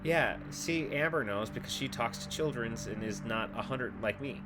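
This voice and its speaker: A young man telling stories while playing a game, animated and swearing freely, with loud exclamations. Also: mid-range voice, normal speed, over music. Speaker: gaming video host.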